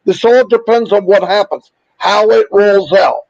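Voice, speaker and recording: A man with a fairly high voice hosts a casual livestream, upbeat and chatty as he rattles through shout-outs. His voice is wearing thin from overuse. The sound is dry and a little muffled, with no room echo. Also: measured pace. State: losing his voice. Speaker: livestream host.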